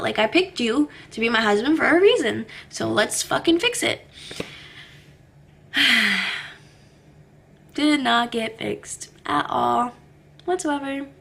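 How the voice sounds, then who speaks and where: A young woman with a high, bright voice and a gravelly edge talks straight into her camera. Her vlog is casual and confessional. She swears freely and keeps dropping fillers between her thoughts. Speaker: vlogger. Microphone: camera mic.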